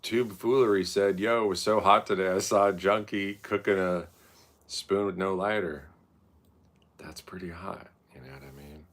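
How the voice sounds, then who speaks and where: Casting: gravelly, low-voiced man in his thirties, swearing, rambling and mocking himself. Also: moderate pace. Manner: profane, rambling, self-mocking, loud mocking quotes. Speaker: streamer telling stories. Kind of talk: casual rambling storytelling.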